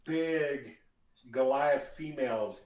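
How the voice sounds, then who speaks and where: A man's voice: mid-range voice, a little mellow, lo-fi sound. Guy gm'ing a tabletop game, umms and uhs, echoey room, bit far from the mic. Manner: halting, with fillers and laughs. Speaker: game master.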